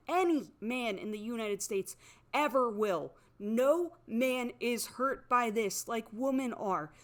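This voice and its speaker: A woman's voice: on the high side, fairly bright tone. A young woman comedian delivering an indignant, escalating monologue, full of swearing and raised outbursts. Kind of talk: ranting monologue.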